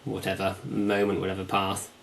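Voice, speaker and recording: A man's voice: sits low, completely flat delivery, normal speed, gravelly, fairly bright tone, a little hiss or hum. A man hosting a podcast conversation, reflective, building his ideas in repeated phrases. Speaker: podcast host.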